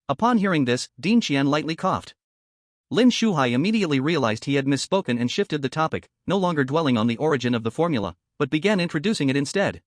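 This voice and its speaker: A man narrating an audiobook in a steady storytelling manner. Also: on the high side, quick pace, no echo, studio quality.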